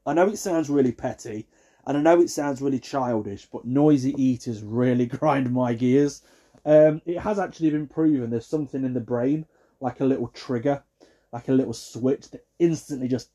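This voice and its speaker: A man ranting in a comic, exasperated way, jumping between hushed asides and loud outbursts. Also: medium pitch, moderate pace. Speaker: vlogger. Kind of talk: comic rant to camera.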